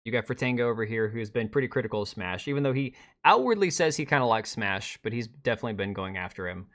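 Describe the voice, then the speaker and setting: A man streaming a reaction to a video, talking sarcastically, swearing and mocking the speaker in whiny quotes. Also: medium pitch. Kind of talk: live stream reaction commentary.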